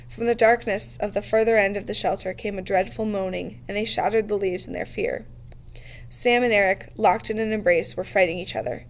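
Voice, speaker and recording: A woman reading a novel aloud in a steady, measured way. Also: mid-range voice. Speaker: reader.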